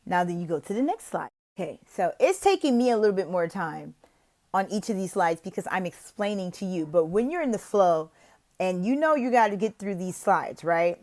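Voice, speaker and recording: A woman teaching online, explaining interview tips in a chatty way and switching to an exaggerated, gasping teacher voice in her demos. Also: medium pitch. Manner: lively, exaggerated teacher voice in the demos, with gasps and drawn-out questions; chatty, uses fillers like "like" and "you know". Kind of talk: casual tutorial with demo teaching.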